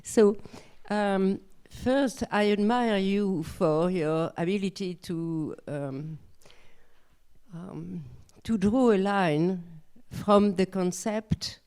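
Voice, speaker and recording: A woman with a French accent politely asking a question from the audience, halting and searching for words. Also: mid-range voice, steady tone, darkish tone, clear, resonant tone. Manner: halting and polite, with long pauses.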